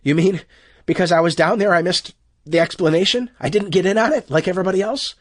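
A frantic, high-voiced middle-aged shopkeeper cries out in an audiobook scene, as a man puts him on. The voice is husky and strained, and the dry, close sound keeps every shout near. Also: fast talker, no echo. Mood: pleading. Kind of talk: audiobook character voice.

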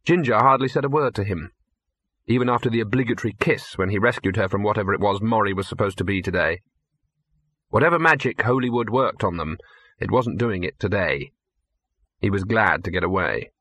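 A man's voice: fairly low pitch, animated, a little fast, fairly bright tone, slightly rough, dry recording. A man reading a comic fantasy story aloud in a dry, wry storytelling manner. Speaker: audiobook narrator. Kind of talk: scripted narration.

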